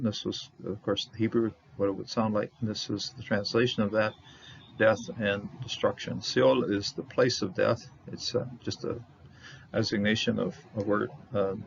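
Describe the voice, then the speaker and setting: Man teaching scripture, gravelly, halting and filler-heavy, dull recording. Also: on the low side, a little hiss or hum. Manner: halting, many "uh" fillers, sounds out Hebrew words. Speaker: Bible teacher. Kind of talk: verse-by-verse Hebrew word study.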